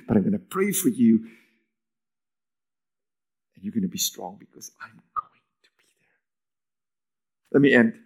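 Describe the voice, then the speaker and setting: A man preaching a sermon as pastor, moving between emphatic lines and hushed near-whispers, with raised, lively pitch when acting out quoted lines.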